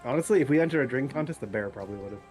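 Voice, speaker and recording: A young man playing in a tabletop game, excitable and thinking out loud, swearing freely. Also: mid-range voice, racing, faint music behind. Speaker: player. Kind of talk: casual game chat.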